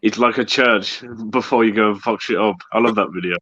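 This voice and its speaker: A man's voice: fairly low pitch, brisk, a bit bright, no room sound. A man on a casual podcast chipping in with teasing jokes and wisecracks. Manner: joking, teasing interjections. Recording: dry, dull lo-fi sound.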